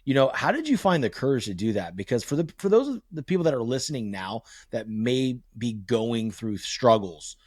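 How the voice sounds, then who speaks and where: A man's voice: mid-range voice, big pitch swings, normal speed, few pauses, a little mellow, no room sound, studio quality. A man in his thirties hosting a casual podcast, telling stories animatedly and swearing freely. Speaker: podcast host.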